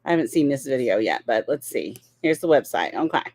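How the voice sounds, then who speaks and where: Lively, blunt woman chatting. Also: rumbling low, brisk, dry recording. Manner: blunt, mocking, laughs often. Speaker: co-host. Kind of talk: casual commentary chat.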